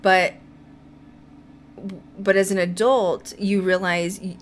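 A woman hosting a paranormal podcast, talking in an animated, ranting way and laughing often. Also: medium pitch, slow pace, pauses often, a little hiss or hum. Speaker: podcast host. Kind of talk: casual chat.

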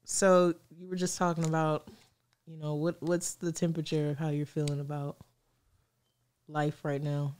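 Female producer and co-host, relaxed chat, easy laughter, brief responses. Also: low voice, moderate pace, smooth. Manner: laid-back, laughs easily, brief replies. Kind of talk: casual chat.

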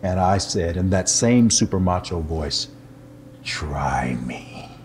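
An older man, a pastor, telling a personal testimony in an animated, humorous way and poking fun at himself. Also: sits low, moderate pace, faint music behind. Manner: animated, humorous, self-deprecating storyteller.

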